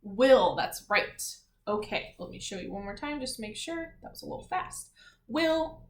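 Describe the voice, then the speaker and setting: A woman teaching a lesson to young children, patient and clear, sounding out letters and words one by one. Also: mid-range voice, expressive, brisk, fairly bright tone. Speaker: elementary school teacher. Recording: roomy echo, faint background noise.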